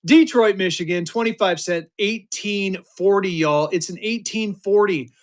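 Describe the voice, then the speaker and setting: A man in his fifties running a live-stream auction, talking fast and joking through his patter. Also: high voice. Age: 50s. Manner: energetic, joking, drawling "y'all" asides.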